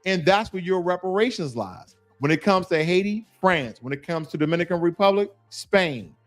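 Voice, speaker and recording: A man's voice: high-pitched, expressive, normal speed, dry recording, faint music behind. A man hosting a livestream, reading chat comments aloud and repeatedly goading a commenter to join the call. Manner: taunting, calls a chatter in over and over. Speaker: livestream host.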